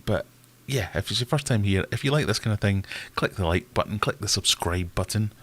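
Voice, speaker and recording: Chatty man, lowish voice. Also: expressive, a little fast, fairly bright tone. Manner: self-deprecating, chatty, greets viewers by name. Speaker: host of a live stream. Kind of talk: casual live-stream chat.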